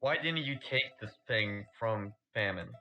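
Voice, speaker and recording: A man's voice: fairly low pitch, lively intonation, unhurried, pushed and bright, soft background music. A man talking as a player in a tabletop game, casual and joking.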